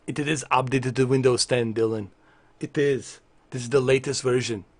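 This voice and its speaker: A man's voice: medium pitch, moderate pace. A man chatting casually on a livestream, ranting at his viewers with lots of swearing. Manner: animated, profane ranting at viewers.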